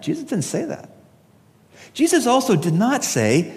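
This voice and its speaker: A man's voice: sits high, huge pitch swings, moderate pace, a little mellow. A man preaching a funeral sermon, emphatic and asking his listeners pointed questions. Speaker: pastor. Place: church service. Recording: long reverb of a large hall.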